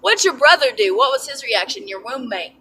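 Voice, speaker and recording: A young woman with a Southern US accent tells a personal story in a chatty, excitable way, her voice sitting high. She sits back from the microphone, and a steady background noise runs under her words. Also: fairly quick. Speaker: vlogger. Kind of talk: casual chat to camera. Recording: distant mic with background noise.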